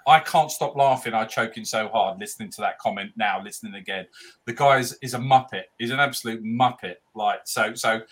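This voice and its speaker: A man with a bright, forceful voice chats about football. He is blunt and rambling, stumbling and restarting often. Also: on the low side, a little fast. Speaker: podcast panelist. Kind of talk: casual chat.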